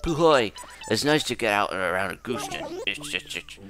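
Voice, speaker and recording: A man's voice: fairly low pitch, expressive, normal speed, lightly acted. A man voicing a nerdy stammering hamster. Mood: eager. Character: nerdy male hamster villager, dance-obsessed. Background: game music.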